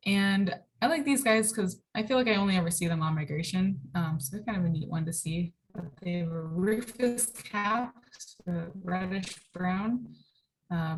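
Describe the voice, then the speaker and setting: A woman presenting a casual online slide lecture, relaxed and full of ums and likes, speaking over a video call. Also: mid-range voice. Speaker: birding presenter.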